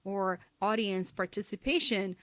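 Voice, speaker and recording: Clear, measured woman teaching. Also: mid-range voice, a bit bright, no room sound. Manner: clear, measured, demonstrates intonation examples. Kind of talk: instructional talk on presentation skills.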